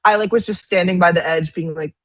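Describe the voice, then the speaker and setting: A woman's voice: on the low side, fast talker, no echo. Chatty young woman, very dry sound. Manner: chatty, lots of "like", laughs often. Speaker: podcast co-host. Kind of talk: casual chat.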